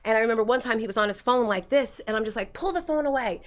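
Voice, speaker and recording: A woman's voice: a little high, steady tone, racing. Middle-aged woman guest, candid rambling storyteller. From New Jersey. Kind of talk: casual storytelling.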